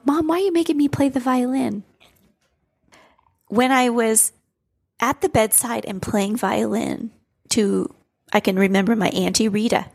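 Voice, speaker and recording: Husky woman sharing a teary personal story. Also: mid-range voice. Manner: heartfelt, reflective, laughs often. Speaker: podcast co-host, nurse coach.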